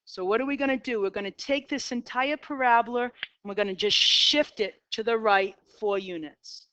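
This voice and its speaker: A woman's voice: medium pitch, moderate pace, pushed and bright, smooth. A middle-aged woman with a Boston accent teaching a math class, talking herself through graph sketches in an upbeat way. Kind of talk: classroom lecture. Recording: dull lo-fi, dry.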